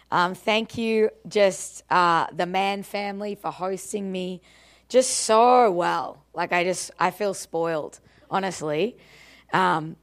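A woman with an Australian accent, speaking as a guest speaker at church in a bubbly, chatty way that often breaks into laughter. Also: fairly low pitch. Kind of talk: church talk to a congregation.

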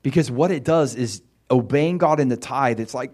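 A man's voice: mid-range voice, moderate pace, hardly any pauses, a little mellow. A male pastor preaching a sermon in a conversational, storytelling way.

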